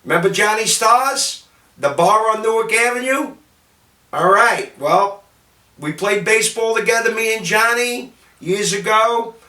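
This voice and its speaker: A man from City, telling salty anecdotes about his bartending days in a lively, gesturing way. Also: high voice, measured pace. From Jersey City, New Jersey, US. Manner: animated, gestures while talking, salty. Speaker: storyteller, former bartender. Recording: roomy sound from a distant mic.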